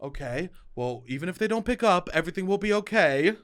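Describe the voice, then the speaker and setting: Comedy podcast co-host, a man with a slightly high voice, playful and animated. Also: brisk. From Staten Island. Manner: animated, acts out bits with sound effects. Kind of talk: casual comedic chat.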